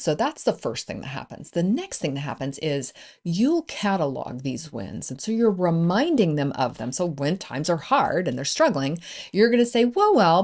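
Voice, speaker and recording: A woman's voice: sits low, a little mellow. A woman business coach hosting a solo podcast, upbeat and encouraging in a conversational way.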